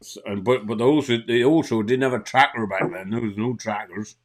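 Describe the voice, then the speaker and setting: A man with a Geordie accent, co-hosting a live stream with loud, joking banter and mock scolding. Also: medium pitch, fairly quick, a crowd in the background.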